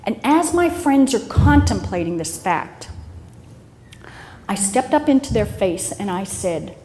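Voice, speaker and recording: Woman, fifties, comic speaker, high lively voice, roomy hall, background noise. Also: a little slow. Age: 50s. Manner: animated comic storytelling, often laughing. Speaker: motivational speaker. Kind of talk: humorous speech to an audience.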